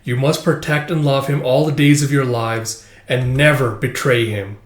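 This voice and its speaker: A man's voice: medium pitch, steady tone, normal speed, close to an everyday voice. Man giving voice to a solemn ancient dragon god. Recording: roomy echo.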